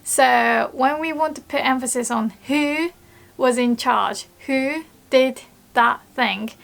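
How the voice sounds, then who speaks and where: A woman teaching grammar in a patient, explanatory way. She repeats example sentences slowly and builds playful little scenarios to make points clear. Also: high-pitched, fairly bright tone. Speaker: language teacher.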